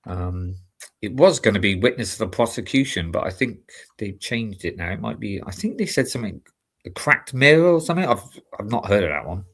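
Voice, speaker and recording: Low-voiced rambling British man. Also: lively intonation, fairly quick, fairly bright tone, slightly rough. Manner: rambling, many fillers and restarts, chummy. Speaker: show host and amateur stage actor. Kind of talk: casual chat.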